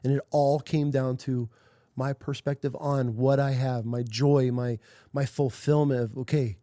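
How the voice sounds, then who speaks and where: A man's voice: medium pitch, little pitch movement, unhurried, mellow, no room sound, studio quality. Profane, emotional man hosting a podcast. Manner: emotional, profane, rambling storytelling. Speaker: podcast host. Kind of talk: candid personal podcast talk.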